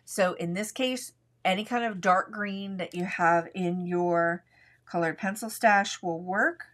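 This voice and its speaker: A woman leads a live coloring lesson from her craft desk, speaking in a relaxed, chatty way. She talks through every pencil stroke as she works, and her voice sits close to a desk mic. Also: on the low side, a little slow. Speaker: art instructor.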